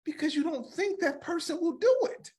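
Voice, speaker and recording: A man co-hosting a casual comedy podcast, talking in an animated, profane way and reading out viewer comments. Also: very high voice, brisk. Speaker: comedian co-host. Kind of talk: casual live-streamed podcast banter.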